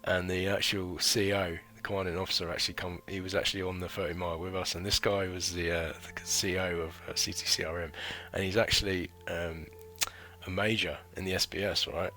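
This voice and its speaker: A former recruit in his thirties from the United Kingdom tells a casual, rambling vlog story about military training, full of slang and filler. His low voice is brisk, bright and forceful with little pitch movement, and soft music plays underneath.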